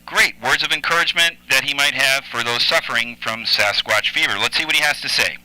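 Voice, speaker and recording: A man's voice: medium pitch, brisk, pushed and bright, dry recording, low-quality recording. A man screening calls on a comic call-in show, upbeat, repeating each caller's question back.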